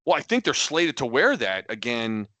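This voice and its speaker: Bright-voiced exasperated man rambling. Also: mid-range voice, very animated, moderate pace, dry recording. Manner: rambling and exasperated, many restarts. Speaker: podcast co-host. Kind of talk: casual sports chat.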